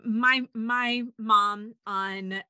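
A woman's voice: fairly high pitch, fairly even intonation, very slow, bright, forceful tone, clear, resonant tone, no echo. A middle-aged woman hosting a faith-based podcast, chatty and enthusiastic, rambling off on tangents. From United States. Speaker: podcast host.

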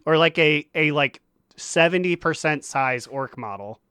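A man co-hosting a casual gaming podcast, telling a story with lively energy and acting out characters' lines. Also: a little high, measured pace, clean tone, no echo, clean studio sound. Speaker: podcast co-host.

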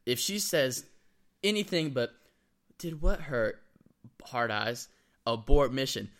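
A young man co-hosts a casual comedic chat in an indoor room with a laptop, joking and acting out text messages in quoted voices. His medium-pitched voice is animated, slow-paced, and a bit bright.

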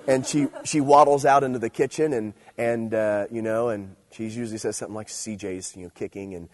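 A young man giving a relaxed, conversational sermon, telling stories about home life and then preaching with growing energy. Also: fairly low pitch, brisk. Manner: conversational storytelling, animated and playful when preaching. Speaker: youth pastor. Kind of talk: casual sermon.

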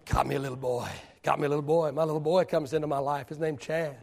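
An older man, a pastor, preaching a sermon that swings from quiet storytelling to loud shouting. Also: fairly high pitch, fairly even intonation, quick pace, gravelly.

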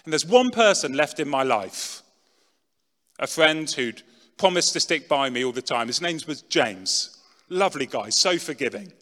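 A middle-aged man giving a dramatic personal testimony talk, swinging from loud, pushed lines to hushed ones. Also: on the high side, animated, normal speed. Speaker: speaker telling his testimony. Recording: long reverb in a large hall.

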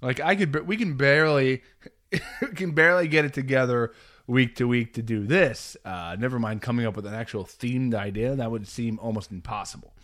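A man's voice: medium pitch, moderate pace. A man in his thirties co-hosting a podcast, chatting casually and acting out quoted lines with a laugh. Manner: lively, laughs often, acts out quotes. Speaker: podcast co-host. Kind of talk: casual chat.

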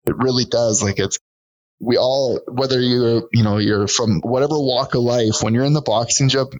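A man's voice: medium pitch, steady tone, moderate pace, low-quality recording. Earnest middle-aged man telling a story. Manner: earnest, storytelling, acts out quotes of others. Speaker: podcast guest, boxing gym owner. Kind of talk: conversational storytelling.

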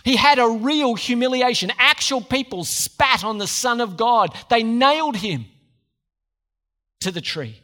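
A man's voice: extremely high pitch, lively intonation, a little slow, pushed and bright. A man preaching a sermon, conversational, with joking asides to the congregation.

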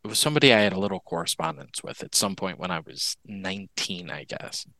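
Podcast guest, male, deep creaky voice with a bright edge, candid storytelling. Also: very animated, dry recording, rough recording. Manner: earnest and candid, with halting restarts. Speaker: interview guest. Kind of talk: personal storytelling in a podcast interview.

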